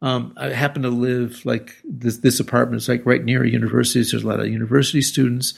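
An older man, a retired teacher, telling rambling anecdotes with halting restarts as an interview guest. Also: mid-range voice, flat delivery, creaky, husky. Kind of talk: casual interview storytelling.

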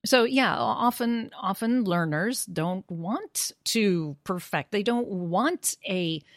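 A woman in casual discussion, speaking in a measured, thoughtful, academic way. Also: medium pitch, lively intonation, no room sound, studio quality. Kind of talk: casual discussion on teaching pronunciation.

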